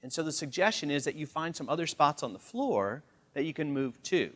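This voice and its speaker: A man's voice: a little high, a little fast. A man in his forties leading a live communication training seminar, acting out quoted voices as he talks. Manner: animated, acts out quoted voices. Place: large training room.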